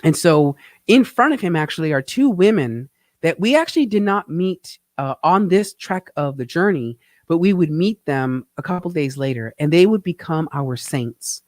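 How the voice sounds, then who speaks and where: Host, man, a touch high, dry close sound, earnest and reflective talk over his photos. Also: expressive, a little mellow, no room sound. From Phoenix, Arizona. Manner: reflective, earnest, halting with fillers. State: getting emotional. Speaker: host, tax teacher. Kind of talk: live-show narration over travel photos.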